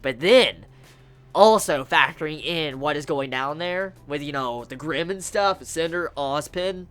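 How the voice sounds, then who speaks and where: A woman reviewing an animated series episode, gushing with excitement and swearing freely as she talks. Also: low-pitched, a little slow, soft background music. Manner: gushing, profane, emphatic.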